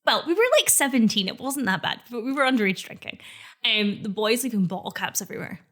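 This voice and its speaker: A woman in her thirties co-hosting a podcast in casual, animated chat, often laughing. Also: fairly high pitch, fast talker. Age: 30s. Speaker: podcast co-host.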